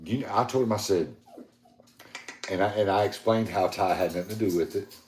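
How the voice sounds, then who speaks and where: A man's voice: fairly low pitch, a little fast, darkish tone, a little hiss or hum. A middle-aged man, co-hosting a podcast and telling a long rambling story in casual, profane chat, quoting himself with many "I said"s. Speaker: podcast co-host. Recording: echoey room.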